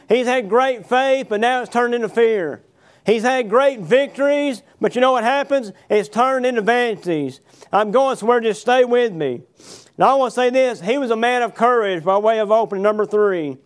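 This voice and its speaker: With a very high-pitched, clear and resonant voice, a man preaches by reading verses aloud, then explaining and paraphrasing them with fillers and rhetorical questions. His congregation can be heard answering amen.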